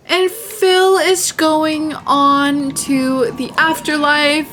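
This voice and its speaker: A woman giving casual, chatty commentary over her gameplay, excitable and gasping often. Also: sits high, very slow. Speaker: gaming channel host.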